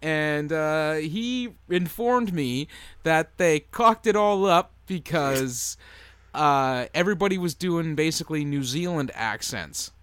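A man co-hosting a podcast in casual chat, jokey and animated as he tells stories. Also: on the high side, takes it slowly, clear, resonant tone, no echo. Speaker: podcast co-host.

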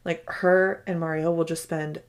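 A woman in her thirties with a fairly low voice co-hosts a laid-back podcast chat. She talks in a relaxed way, backs up her partner with steady murmurs of agreement, and shares warm stories about her daughter. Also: normal speed, smooth. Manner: relaxed, supportive, many affirming backchannels. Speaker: podcast co-host. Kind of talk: casual chat.

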